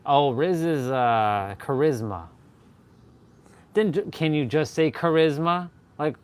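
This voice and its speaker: A man's voice: fairly high pitch, animated, slow pace, clear, resonant tone. A young man in casual chat while working out, joking and swearing loosely, repeating himself, a bit winded between sets. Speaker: fitness vlogger.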